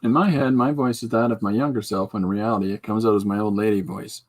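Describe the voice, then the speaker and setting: Man, podcast host, lowish voice, loose rambling chat, jokey, answers viewer comments while drawing. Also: steady tone, quick pace.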